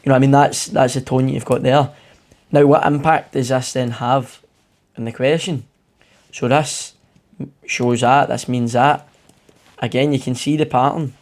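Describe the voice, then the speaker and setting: A man's voice: medium pitch, steady tone, unhurried, long pauses, a little mellow. Casual male tutor explaining exam answers. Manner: informal, rambling explanations with fillers. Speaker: English tutor. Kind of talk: exam walkthrough lesson.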